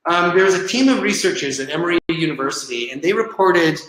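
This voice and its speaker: A man's voice: on the high side, lively intonation, fairly quick, fairly bright tone, echoey room, a little hiss or hum, rough recording. A man leading a coaching session on presenting, explaining in a loose conversational way with frequent ums and uhs. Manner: conversational, filler-heavy, explaining with examples. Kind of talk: online coaching seminar.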